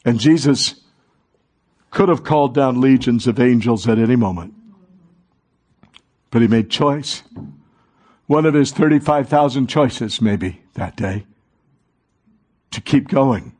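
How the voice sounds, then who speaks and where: Slow, husky male preacher. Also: mid-range voice. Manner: dramatic, swings from hushed to rising fervor. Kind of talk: sermon.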